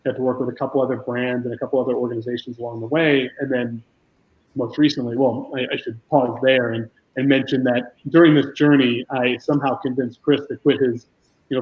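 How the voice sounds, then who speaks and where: A man tells the story of his own business in an easy, self-deprecating way. He often stops and starts again mid-sentence, and his pitch stays narrow and level. The recording is a little muffled and lo-fi. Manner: casual, self-deprecating storytelling with many restarts. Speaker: esports business founder. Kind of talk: telling his career story in a talk.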